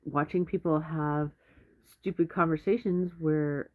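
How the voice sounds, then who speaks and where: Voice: mid-range voice, steady tone, unhurried. A speaker giving blunt, rambling advice in a casual monologue, often stopping mid-sentence to restart. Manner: rambling, self-interrupting, blunt. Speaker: advice vlogger. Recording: tinny phone-like audio.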